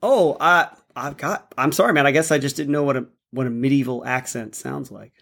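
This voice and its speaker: A man's voice: medium pitch, a little fast, gravelly, fairly bright tone. A man co-hosting a podcast, in easygoing, laughing banter. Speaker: podcast co-host. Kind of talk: casual podcast chat.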